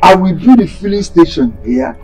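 In a rough recording, a Nigerian-accented man voices a greedy chief, the younger brother begging again and again for his elder sibling's land. His intonation is lively and his pace moderate, and he wheedles, saying "brother" over and over with sharp swings in pitch.

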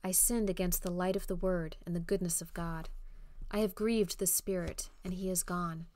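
A woman's voice: lowish voice, fairly even intonation, normal speed, darkish tone, no room sound, lightly acted. A woman voicing a despairing man locked in an iron cage, speaking mournfully and full of regret.

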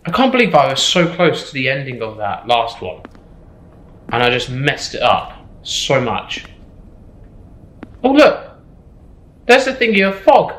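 A man's voice: medium pitch, very animated, a little slow, long pauses, fairly bright tone, reverberant, rough recording. A man commentating a horror game, jittery, swearing and repeating himself. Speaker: gameplay streamer.

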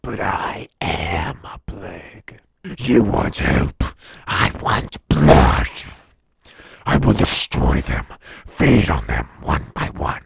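A vampire Batman: a monstrous, menacing figure whose voice sits very deep and crawls out at a dragging pace. Every word is a gravelly, husky rasp, often sinking to a growled whisper. It is recorded close and dry, for a comic-book recap. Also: sing-song, slow pace, heavily acted. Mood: sinister whisper. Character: vampire bat-monster male vigilante, cold and menacing. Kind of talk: comedic comic recap voice acting.

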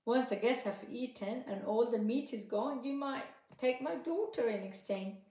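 A woman's voice: a little high, normal speed, mellow, pitched above the performer's own voice, lightly acted. A woman voicing a cautious male father of the bride in a children's storybook, politely refusing. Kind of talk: storybook narration. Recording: echoey room.

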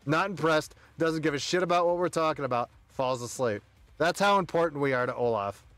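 A man's voice: on the high side, brisk, fairly bright tone, no echo, soft background music. A man streaming a game, chatting casually with friends, rowdy, joking and swearing a lot. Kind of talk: casual live-stream chat.

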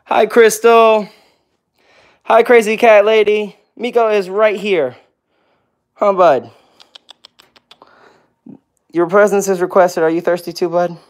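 A man's voice: sits high, flat delivery, takes it slowly, long pauses. A man hosting a casual livestream with viewers, answering comments one by one and cooing baby talk at his pets. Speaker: pet vlog host.

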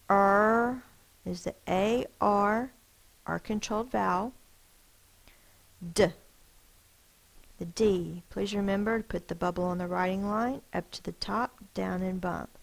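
A woman teacher walks her class through spelling words, sounding out each letter with careful emphasis. Her voice is low and gravelly, and she speaks at a very unhurried pace. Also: poor audio.

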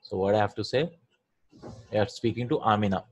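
Male Arabic teacher, fairly low voice, patient step-by-step lesson. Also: fairly quick. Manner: patient, explains step by step, asks students questions. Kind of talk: online language lesson.

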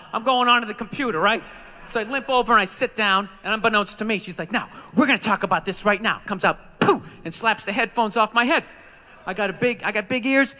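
A man's voice: extremely high pitch, pushed and bright. A man doing a profane, ranting stand-up set on a club stage, acting out the voices in his stories. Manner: profane, ranting, acts out quotes. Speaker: stand-up comedian. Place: comedy club stage, live audience.

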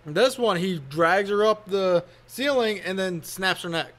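High-voiced man recapping a movie plot. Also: unhurried, fairly bright tone. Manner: recaps the plot step by step, laughs along. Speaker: podcast co-host. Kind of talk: casual movie discussion.

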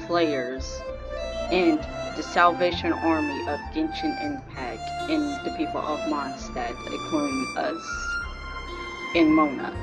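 A woman's voice: low-pitched, steady tone, measured pace. A woman doing reaction commentary over a game, exasperated and rambling as she talks back to it. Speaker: gaming streamer. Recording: dull lo-fi mic with game music.

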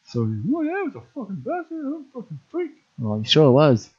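A husky, rambling cartoon rock musician, voiced by a man, with a fairly high, swooping voice that lurches up and down. He curses through every sentence and keeps circling back to filler words. The sound is dull and lo-fi, like a cheap home recording. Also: wildly swooping pitch, fairly quick, full character voice. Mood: ranting. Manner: foul-mouthed, rambling, full of filler words. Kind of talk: cartoon parody voice acting.

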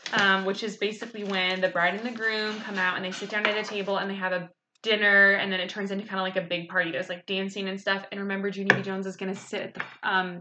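A woman reading a children's book aloud in an expressive, animated way, with casual asides. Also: medium pitch, a little hiss or hum. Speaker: reader.

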